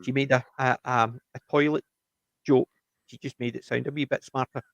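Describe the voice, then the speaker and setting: Gravelly man in casual chat. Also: mid-range voice, normal speed, no room sound, dull audio. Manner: rambling, animated retelling with many restarts. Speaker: TV review podcast co-host.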